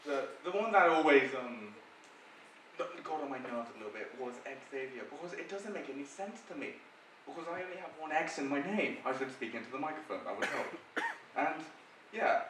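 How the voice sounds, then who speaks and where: A man's voice: on the high side, expressive, moderate pace, background noise. Young British man, stand-up comedy, chatty and self-deprecating, echoey theatre, distant mic. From United Kingdom. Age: young adult. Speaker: staff comedian. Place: theatre stage before an audience.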